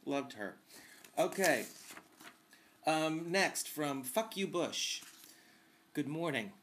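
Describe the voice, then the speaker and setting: A man's voice: fairly high pitch, lively intonation, slow pace, fairly bright tone, slight background noise. A man hosting a casual vlog, answering viewer questions in a chatty, campy, wisecracking way.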